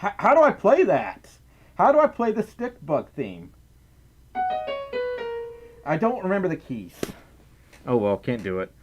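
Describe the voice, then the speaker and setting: Giggly Southern-accented male streamer, goofy casual chat, voice bouncing high and low. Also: wildly swooping pitch, a little slow, pauses often, dull audio, over music. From Mississippi, US South. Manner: silly, giggly, reads donations aloud. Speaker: livestream host. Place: indoors at home, wearing a fursuit head.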